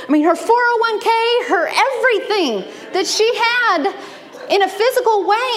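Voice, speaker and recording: Female speaker, 30s, high voice, animated personal preaching, long hall reverb. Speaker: speaker at a church gathering. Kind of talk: sermon-style talk.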